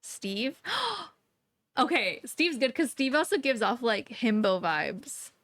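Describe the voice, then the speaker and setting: A woman's voice: a little high, sing-song, a bit bright, no room sound. A young woman co-hosting a podcast in casual, playful chat, laughing often and jumping between tangents. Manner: playful, giggly, quick tangents. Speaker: podcast co-host.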